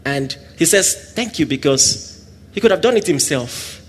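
A man preaching a sermon, swinging between loud exclamations and soft asides and acting out little scenes. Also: on the high side, expressive, a little slow, slight background noise. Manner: acts out little scenes with quoted voices and laughter.

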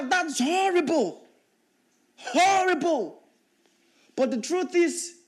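A man's voice: sits high, a little mellow. A man from Africa preaching a sermon, emphatic and repeating key phrases for stress.

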